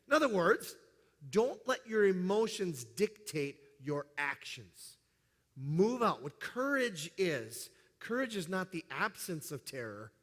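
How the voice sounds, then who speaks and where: A man's voice: a little high, long reverb tail. A middle-aged man preaching a sermon as a pastor, conversational and joking, with frequent asides. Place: church sanctuary.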